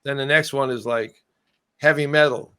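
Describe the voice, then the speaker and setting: A man talks in an easy, meandering way as the guest on a video call. He keeps trailing off and starting over while he tells his story. His voice sits at a middling pitch, and the sound is dry and close, with no room around it. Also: steady tone, normal speed, sharp tone, smooth, no echo. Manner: rambling, trailing off and restarting. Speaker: guest musician. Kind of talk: casual interview storytelling.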